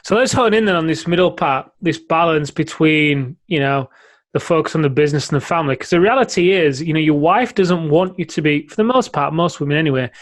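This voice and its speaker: Male podcast co-host with a fairly high voice who explains ideas in a coaching manner. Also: fairly quick. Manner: explanatory, coaching talk with frequent "right?". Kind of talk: casual podcast conversation.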